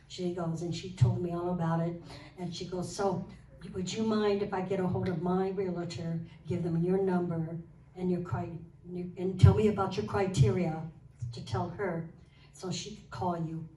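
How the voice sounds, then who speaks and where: A woman's voice: on the low side, moderate pace. Woman telling a testimony in a roomy hall. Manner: animated, acts out quoted dialogue. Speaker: guest sharing a testimony. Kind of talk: casual storytelling testimony. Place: church hall. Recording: roomy hall, mic far off, faint noise.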